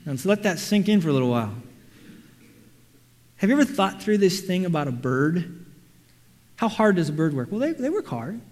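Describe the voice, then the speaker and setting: A man preaching a sermon, animated, acting out quotes and everyday scenes. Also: sits high, normal speed, long pauses. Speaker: pastor. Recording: reverberant hall.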